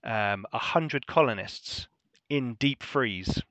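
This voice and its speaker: Bright-voiced game master. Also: male voice, mid-range voice, lively intonation, slow, dry recording, highs cut off. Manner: casual, rambling with many ums. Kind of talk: narrating a tabletop game.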